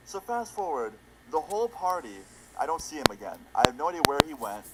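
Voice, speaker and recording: A man's voice: fairly high pitch, very animated, fairly quick, hardly any pauses, heavy background noise. Laid-back young man telling a story. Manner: laid-back, slangy, swears casually. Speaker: storytime YouTuber. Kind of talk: casual storytime narration.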